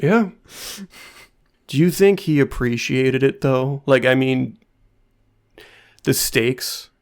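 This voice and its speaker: Slow-talking dry man. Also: mid-range voice, clear, resonant tone. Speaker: podcast co-host. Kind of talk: casual chat.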